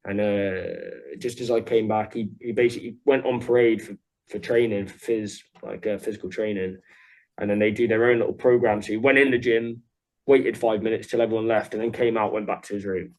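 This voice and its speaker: A man speaking as an interview guest. His voice sits slightly low, and his delivery is blunt and heavy with profanity. He tells his stories frankly, with no polish. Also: brisk, poor audio. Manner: blunt and profane, animated when quoting others. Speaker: interview guest, former soldier. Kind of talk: casual interview storytelling.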